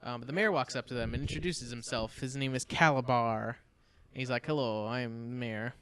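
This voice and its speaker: A young man co-hosting a podcast, casually recapping a movie with swearing and quick mock voices for the characters. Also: medium pitch, bright, forceful tone. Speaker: podcast co-host.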